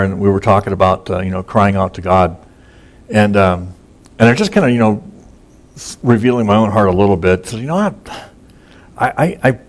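A man preaching a conversational sermon that is casual and folksy, with many fillers and repeated words. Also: lowish voice. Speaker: pastor. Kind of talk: sermon, conversational Bible teaching.

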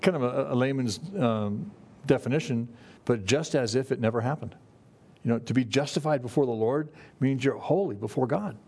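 A man's voice: mid-range voice, gravelly, a little mellow, breathy edge. A middle-aged man preaching a sermon to a congregation in a conversational way, often restarting his phrases. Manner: conversational, with frequent restarts and "you know". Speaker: pastor.

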